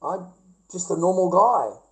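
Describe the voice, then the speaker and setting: A man's voice: high voice, lively intonation, measured pace, low-quality recording. A middle-aged man with an Australian accent, telling a rambling, repetitive, profane story to camera. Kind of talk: casual rant to camera.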